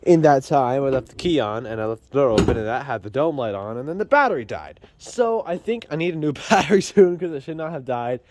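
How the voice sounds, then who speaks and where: A man's voice: mid-range voice, animated, fairly quick, hardly any pauses, darkish tone, slight background noise. Chatty man vlogging in his garage. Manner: rambling, self-deprecating, chatty. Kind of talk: casual chat. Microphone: handheld phone camera.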